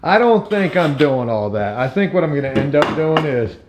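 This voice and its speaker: A man's voice: on the high side, expressive, normal speed, roomy sound, background noise. A young man talking casually through his home renovation work, chatty and self-mocking, with the odd curse. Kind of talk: casual vlog narration while working.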